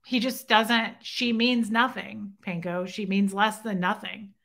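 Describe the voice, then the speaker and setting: On her own show, a young adult woman with a gravelly, medium-pitched voice retells a personal encounter at a measured pace. She acts out both sides of the conversation in quoted dialogue, with animated side remarks to chat.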